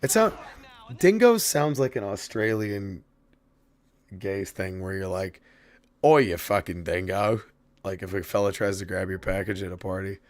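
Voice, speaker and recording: A man's voice: deep voice, lively intonation, normal speed, no echo. A man streaming a video game, chatting casually with viewers, profane and rambling but heartfelt. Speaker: gaming streamer. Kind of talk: casual stream chat while gaming.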